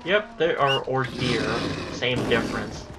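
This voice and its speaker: This gameplay commentator is a young man doing casual let's-play talk, chatty and quick to get frustrated, and he breaks into excited yelling during chases. His medium-pitched voice moves unhurriedly. The recording is very noisy.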